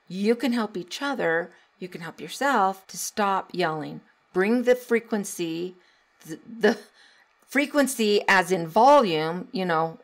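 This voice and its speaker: A middle-aged woman hosting a casual solo podcast as a parenting coach, chatty and encouraging, with sarcastic asides. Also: lowish voice.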